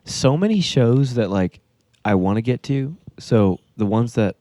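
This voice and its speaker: A man's voice: medium pitch, a little slow, no echo. A young married man co-hosting a podcast, joking and chatting casually with friends. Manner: joking, animated. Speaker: podcast co-host. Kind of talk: casual chat.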